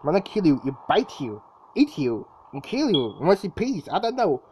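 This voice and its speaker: A young man commentates his own gameplay casually and jitterily, exclaiming often and repeating himself. His voice is fairly high and sing-song at a moderate pace, captured on a dull lo-fi mic with clear background noise.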